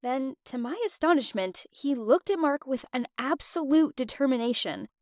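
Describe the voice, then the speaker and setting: High-voiced woman narrating a story. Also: animated, normal speed, darkish tone, no room sound, clean studio sound. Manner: emotive, with wide swings of expression.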